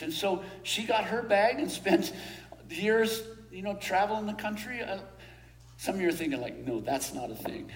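A man pastor giving a sermon in a church hall, telling a story with frequent chuckles and then praying slowly and earnestly. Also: high voice.

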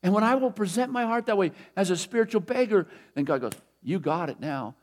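A man's voice: high-pitched, expressive, quick pace. A middle-aged man preaching a sermon in a conversational, emphatic way, repeating his key phrases. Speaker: pastor.

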